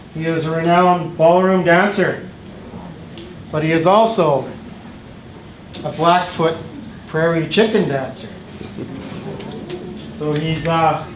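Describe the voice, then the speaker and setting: A man hosting a community feast, telling stories to the crowd in a slow, unhurried way. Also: high voice. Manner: slow, storytelling delivery. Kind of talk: speaking to a crowd. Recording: roomy hall with faint background noise.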